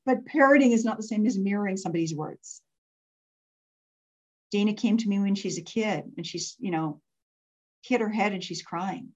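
A woman's voice: mid-range voice, a little mellow, dull audio. A woman leading an interactive workshop for entrepreneurs. She laughs often and asks the group to raise their hands.

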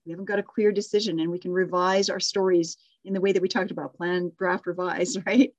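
A woman's voice: fairly low pitch, flat delivery, brisk, dry recording, highs cut off. A middle-aged woman leading a live online class on storytelling, praising students and thinking aloud with restarts and small laughs. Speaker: course instructor.

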